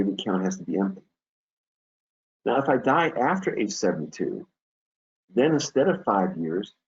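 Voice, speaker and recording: A man's voice: fairly low pitch, a little mellow. A man giving a continuing-education lecture on estate planning, explaining step by step and telling jokes to make his points. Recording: dull lo-fi recording.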